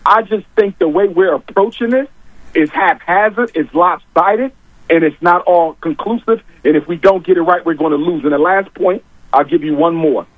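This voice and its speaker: A man's voice: sits high, moderate pace, dry recording. A man arguing his points emphatically on a talk show, repeating key lines for weight. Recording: dull, dry lo-fi audio.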